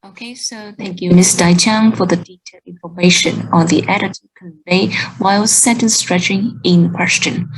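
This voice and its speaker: A woman's voice: lowish voice, steady tone, moderate pace, few pauses, low-quality recording. A woman formally introducing the next part of a class presentation. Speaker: student presenter.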